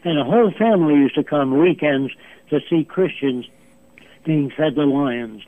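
A man's voice: fairly high pitch, moderate pace, no echo. A man in his nineties, a guest on the phone, lecturing emphatically and pressing his points with rhetorical questions. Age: 90s. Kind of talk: lecturing interview answers. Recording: tinny phone line.

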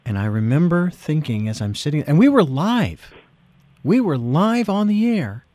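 Lively, high-pitched male radio host. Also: normal speed, no room sound. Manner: chatty, rambling setups, laughs easily. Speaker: radio talk show host. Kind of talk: radio interview. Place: radio studio.

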